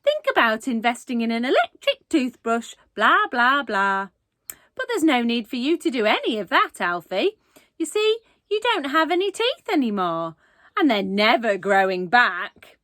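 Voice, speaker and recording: Woman voicing a storybook villain dentist, syrupy and menacing, slow and singsong. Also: on the high side, sing-song, a bit bright, no room sound, clean studio sound, pitched above the performer's own voice. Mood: sickly sweet. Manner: falsely sweet, mock-polite. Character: creepy sugary female dentist calling herself Mummy.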